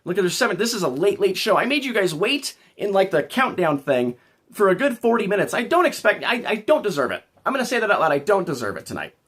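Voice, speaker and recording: High, lively rambling streamer guy. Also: fast talker, breathy edge. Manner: rambling, joking, talking back to chat. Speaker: livestream host. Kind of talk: casual livestream chat.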